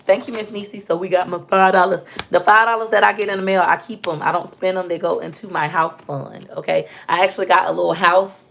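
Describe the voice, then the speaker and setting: Gravelly, chatty woman vlogger. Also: fairly low pitch, fairly even intonation, quick pace, few pauses, fairly bright tone. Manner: chatty, playful, talks to viewers while unboxing. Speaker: vlogger opening fan mail. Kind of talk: casual chat. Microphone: phone propped on a stand.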